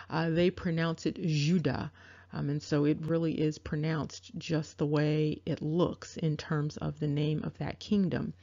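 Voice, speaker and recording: A woman giving a measured, explanatory lecture over a map, with frequent fillers. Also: low voice, darkish tone. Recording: dull lo-fi audio.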